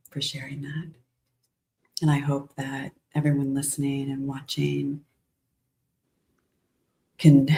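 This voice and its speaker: A woman hosting an interview podcast, calm and affirming as she responds to her guest. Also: rumbling low. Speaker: podcast host.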